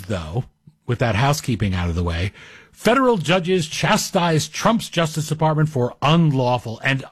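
A man's voice: a little high, dry recording, clean studio sound. A man guest hosting a talk radio show, chatting in a digressive, self-deprecating monologue. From Greek heritage.

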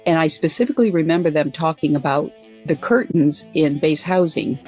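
Older woman telling a relaxed story. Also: deep voice, brisk, breathy edge, soft background music. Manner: relaxed, chatty, with self-corrections. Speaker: guest, former military pilot. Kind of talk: anecdotal storytelling interview.

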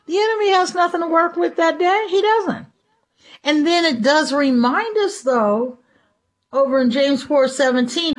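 A woman preaching a sermon in an expressive, storytelling way. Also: high voice. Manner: expressive, shifts into dramatized voices.

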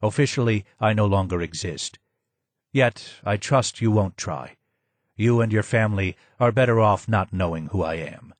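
A man voicing a broken, hidden older man who speaks in a low, hoarse voice, slow and grave, in an audiobook. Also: no room sound, lightly acted. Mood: grim. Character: broken, hidden old man, sad and wary. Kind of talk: audiobook character voice.

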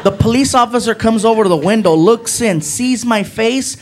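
A man doing stand-up, telling an animated road-trip story and acting out friends' voices. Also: normal speed, few pauses, a loud crowd, very noisy. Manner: animated, acts out voices of friends with high shouts. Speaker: stand-up comedian. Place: comedy club stage with audience.

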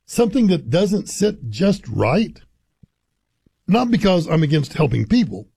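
A man hosting a radio talk show in a casual monologue, chuckling and dropping low for asides. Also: very animated, unhurried, vocal fry, mellow, husky, dry recording, clean studio sound. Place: radio studio. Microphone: studio broadcast mic.

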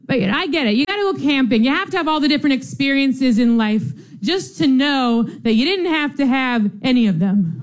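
Brief: young woman stand-up comic, wry offbeat delivery, higher voice, live stage set. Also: expressive, moderate pace. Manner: wry, offbeat one-liners. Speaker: stand-up comedian. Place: comedy stage.

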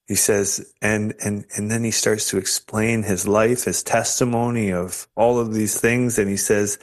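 A man's voice: lowish voice, flat delivery, measured pace, few pauses. Earnest man telling his faith story. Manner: earnest storytelling, emotional, with many restarts. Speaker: interview guest. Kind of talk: personal faith testimony.

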